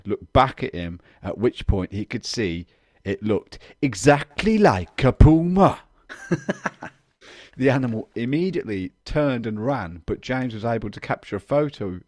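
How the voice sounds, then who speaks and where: Lively young man reading news, dry sound. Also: fairly low pitch, dry recording. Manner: easygoing, swears casually, reads with deadpan pauses. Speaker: podcast co-host. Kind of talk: casual chat and reading news stories aloud.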